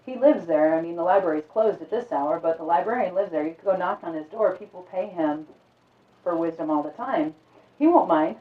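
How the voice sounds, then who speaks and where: A woman's voice: fairly low pitch, fairly quick, natural voice. A woman voicing an easygoing male innkeeper who speaks in a casual, offhand way. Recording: echoey, distant, phone-like sound.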